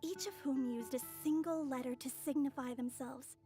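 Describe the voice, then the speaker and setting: A woman's voice: high voice, steady tone, normal speed, warm tone, lightly acted. An actress voicing a poised, mysterious young woman who speaks in a formal, courteous way, from a game with music behind.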